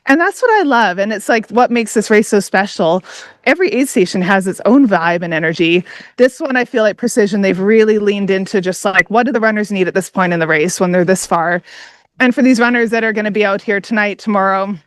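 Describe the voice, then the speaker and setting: A woman's voice: medium pitch, fairly quick, no echo. Enthusiastic chatty woman, dry close sound. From Canada. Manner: enthusiastic, chatty, laughs often. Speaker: livestream commentator. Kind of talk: live race commentary. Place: outdoor aid station.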